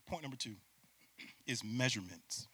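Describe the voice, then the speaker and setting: Bright, emphatic man preaching a sermon. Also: a little high, animated, moderate pace. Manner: swings between hushed asides and loud emphatic peaks; calls on the congregation to repeat words.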